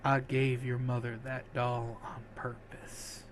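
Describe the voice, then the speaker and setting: A man voicing a dying male fighter, gentle and resigned, in a soft, quiet, tender voice. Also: medium pitch, completely flat delivery, slow, a little hiss or hum, voice pushed down, lightly acted. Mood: tender, hushed.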